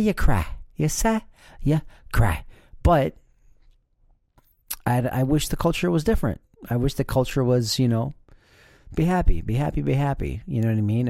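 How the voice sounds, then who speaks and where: Alone at the mic, this podcast host chats in a casual monologue that is rambling and profane, loaded with fillers and restarts. His mid-range voice is mellow, and the studio sound is clean and dry.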